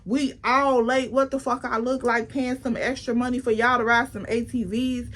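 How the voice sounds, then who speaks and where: A woman's voice: a little high, level tone, moderate pace, fairly bright tone. A woman voicing a young woman friend who is defensive and indignant, cursing as she argues back. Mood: fuming.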